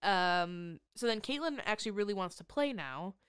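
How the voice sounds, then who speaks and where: Smooth-voiced woman recapping a movie sarcastically. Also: mid-range voice, moderate pace, no echo, clean studio sound. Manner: sarcastic, swears, animated recapping. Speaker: podcast co-host. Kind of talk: casual movie recap chat.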